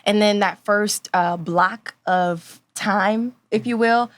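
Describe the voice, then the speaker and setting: A woman from New Orleans in her thirties, a news anchor talking as a podcast guest, confident and animated, laughing often. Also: mid-range voice, takes it slowly, dry recording. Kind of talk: casual podcast interview.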